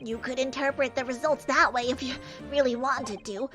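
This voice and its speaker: A woman voicing an eccentric, excitable male professor, stammering and fussy, while reading a game's dialogue aloud. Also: high voice, normal speed, over music, natural voice. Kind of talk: voicing a video game aloud on stream.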